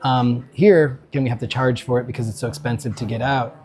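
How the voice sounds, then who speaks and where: A man's voice: mid-range voice, fairly even intonation, quick pace, a little mellow. A man from New Mexico, a restaurant owner, giving an enthusiastic casual tour of his kitchen and telling stories. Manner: enthusiastic storyteller, acts out quoted customers. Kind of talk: casual behind-the-scenes tour.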